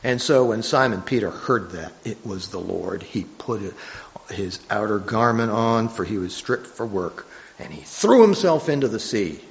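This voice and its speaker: A man preaching a sermon, reading scripture slowly and emphatically, with frequent restarts. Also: lowish voice, expressive, vocal fry. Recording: dull lo-fi recording.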